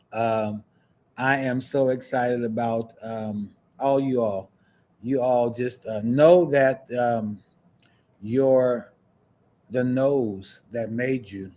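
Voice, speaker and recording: A man hosting a podcast, chatting casually and preaching encouragement in a warm, churchy way. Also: medium pitch, fairly even intonation, takes it slowly. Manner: warm, churchy, breaks into laughs and sing-song. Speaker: podcast host. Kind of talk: casual livestream chat, preachy sign-off.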